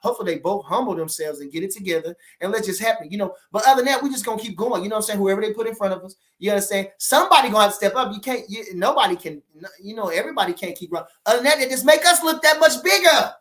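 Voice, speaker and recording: A man from the boxing world chatting casually with viewers on a livestream, rambling and animated, often checking that listeners understand him. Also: high voice, rapid-fire, hardly any pauses. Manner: rambling, animated, keeps asking "you understand?".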